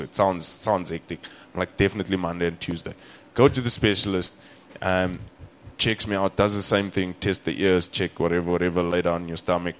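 A man's voice: deep voice, fairly bright tone. A young man, a comedian, telling a story in casual podcast chat and acting out both sides of the dialogue, swearing freely. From South Africa.

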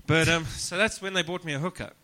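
A man's voice: fairly high pitch, fairly even intonation, fast talker, sharp tone. A man, a comedian guest, telling crude, self-deprecating stories on a casual podcast and often laughing as he talks. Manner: laughs through his own stories.

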